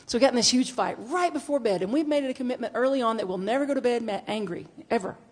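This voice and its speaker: A middle-aged woman minister, giving a conversational sermon with animated storytelling that moves between hushed reflection and playful bursts. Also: on the high side, fast talker.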